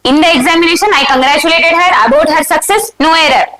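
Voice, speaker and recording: An exam prep teacher with an Indian English accent talks fast in an extremely high, bright, forceful voice, recorded roughly in a roomy space. She goes over exam questions live, reading the options aloud and checking answers with her students.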